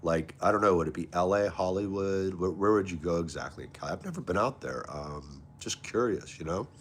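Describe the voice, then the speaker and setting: A man's voice: sits low, expressive, fairly quick, breathy edge. A man hosting a casual livestream, greeting viewers by name and chatting with them in a friendly way. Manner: friendly, reads chat aloud and greets viewers. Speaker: livestream host. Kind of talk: casual live chat with viewers.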